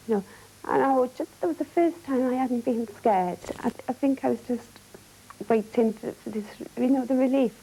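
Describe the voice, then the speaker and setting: A middle-aged Welsh woman recounting her experience of abuse, speaking in a halting, low-key way with frequent restarts. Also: gravelly, warm tone, breathy edge, rough recording. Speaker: domestic abuse survivor. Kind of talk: personal testimony.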